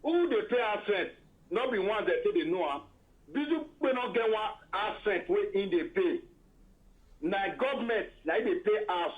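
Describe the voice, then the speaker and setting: A man's voice: high-pitched, low-quality recording. A man with a Nigerian accent on a live video call, speaking in pidgin. He rants heatedly, makes accusations and repeats himself.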